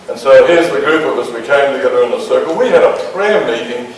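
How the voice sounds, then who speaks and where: A man's voice: medium pitch, lively intonation, fast, distant mic. A man from Australia with an Australian accent, a pastor telling a humorous story in a sermon and acting out the dialogue. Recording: echoey hall, mic from afar, faint noise.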